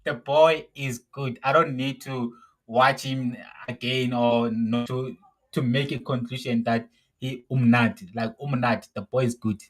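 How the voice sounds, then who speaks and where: A young South African man hosting a live football watch-along, reacting excitably and repeating his exclamations. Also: medium pitch, unhurried, poor audio. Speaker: football show host.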